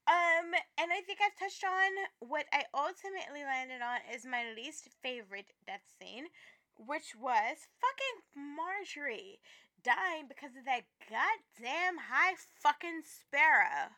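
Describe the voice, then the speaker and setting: Woman, podcast co-host, casual chat, high voice, bright tone, profane, animated. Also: measured pace. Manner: profane, animated, laughing, dramatic.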